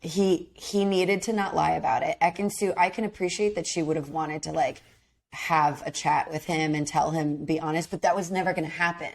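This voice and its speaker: A gravelly, low-voiced woman talks at a moderate pace while co-hosting a podcast. In a casual reality show recap, she's animated and emphatic, voicing quotes as if playing the people involved.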